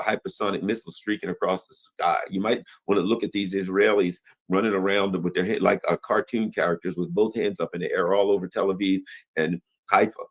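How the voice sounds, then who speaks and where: A man hosting a casual political commentary show, talking emphatically with rhetorical questions and quick mimicked asides. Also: low-pitched. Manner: mimics other people in quick quoted asides.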